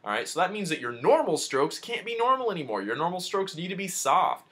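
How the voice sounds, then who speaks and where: A man with a voice on the high side and big pitch swings talks fairly quickly through a beginner guitar lesson. It's a casual video lesson, chatty and informal, addressed straight to the viewer, with guitar playing in the background.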